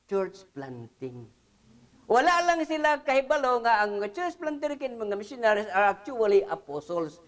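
A man teaching a Bible lesson at church, mixing English with Cebuano, pausing often on fillers and reading scripture emphatically. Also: high-pitched, sing-song, fairly bright tone.

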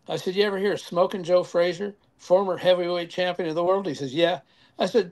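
A man's voice: high-pitched, fast. An older man, a former band member, telling stories in a casual interview and acting out the voices in them with chuckles. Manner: animated anecdotes with acted quotes and chuckles.

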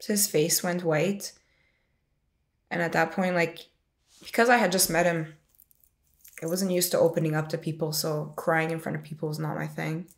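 A woman's voice: deep voice, steady tone, normal speed, creaky, pauses often. A woman in her twenties casually telling a personal story in a rambling way, full of "like" and restarts, and emotional as she retells it. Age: 20s. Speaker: interviewee sharing a personal story.

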